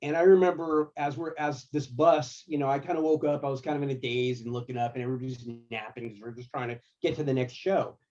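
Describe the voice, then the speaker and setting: A man working as a guitar tech, telling tour stories in a casual, slangy, animated way. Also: medium pitch, quick pace, few pauses, lo-fi sound. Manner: animated, laid-back, slangy. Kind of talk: casual storytelling.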